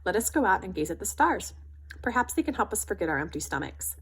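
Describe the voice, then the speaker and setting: Woman doing a gentle, wise old father for a storybook; sage, hopeful, breathy, melodic. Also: mid-range voice, fast. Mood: calm. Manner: sage, calm pronouncements.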